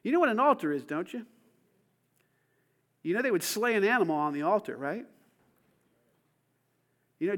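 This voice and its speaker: A pastor preaching a sermon to his church, swinging from quiet, intimate lines to shouted calls for the congregation to repeat after him. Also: high-pitched, animated, moderate pace, pauses often.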